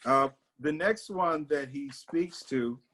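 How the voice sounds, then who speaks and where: A man's voice: a little high, slow, a bit bright. Thoughtful man leading a discussion. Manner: thoughtful, many fillers and restarts. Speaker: discussion leader. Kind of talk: casual book discussion.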